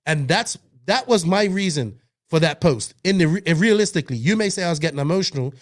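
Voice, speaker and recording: A man's voice: on the high side, lively intonation, fairly quick. A man co-hosting a hobby podcast, talking in a heated, emphatic way that is full of swearing and restarts. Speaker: podcast co-host. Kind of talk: casual podcast chat.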